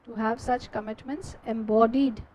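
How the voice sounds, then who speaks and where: A woman teacher with an Indian English accent, slowly dictating class notes and repeating each phrase for students to write down. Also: a little high, steady tone, darkish tone, slight background noise, rough recording.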